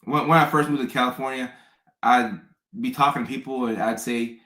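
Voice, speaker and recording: A man's voice: mid-range voice, steady tone, brisk, fairly bright tone. A man from the American South telling stories in casual chat, often restarting and repeating words. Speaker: host. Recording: echoey room.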